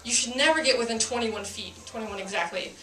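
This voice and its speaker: A woman's voice: a little high, brisk, roomy sound, far from the mic, music in the background. A woman who is a police officer telling a story to a live audience, chatty and self-mocking with lots of fillers.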